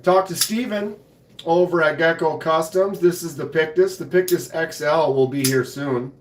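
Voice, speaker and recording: A man with a hoarse voice hosting a casual live stream from his home knife room, laid-back and chatty, often clearing his throat. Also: fairly high pitch, normal speed, roomy sound, a little hiss or hum. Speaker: knife channel host.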